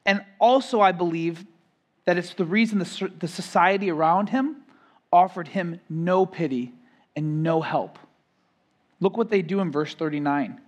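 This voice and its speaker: Man, pastor, sermon, high-pitched voice, emphatic swells and soft drops, repeats words. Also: measured pace. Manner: emphatic preaching, rising and louder on key phrases, then dropping soft; repeats and restarts words while building a point.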